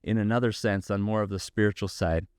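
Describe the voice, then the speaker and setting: A middle-aged man speaks in a low, smooth, resonant voice, earnest and measured. He builds his points through preacherly repetition. The sound is dry and close. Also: fairly even intonation, a little mellow, no echo. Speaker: podcast host and company founder. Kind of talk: reflective faith-based monologue.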